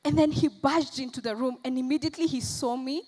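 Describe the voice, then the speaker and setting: A woman's voice: sits high, a little mellow, low-quality recording. A woman playing a shaken abused mother. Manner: halting, shaken storytelling. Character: abused young mother recounting her trauma. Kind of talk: stage play monologue. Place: festival stage.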